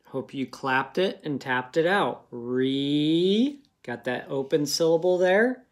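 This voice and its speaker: A man's voice: a little high, lively intonation, slow pace. A man teaching a phonics lesson to young children in a patient, encouraging manner.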